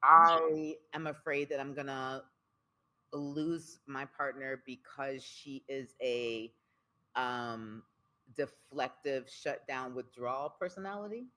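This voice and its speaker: A spoken word poet, appearing as an interview guest, talks candidly in a bass voice at a slow pace. She is expressive and emphatic, repeating phrases for rhythm.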